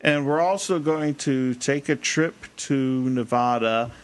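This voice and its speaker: A man's voice: mid-range voice, unhurried. A man co-hosting a casual podcast, crude, joking and laughing often. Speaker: podcast co-host.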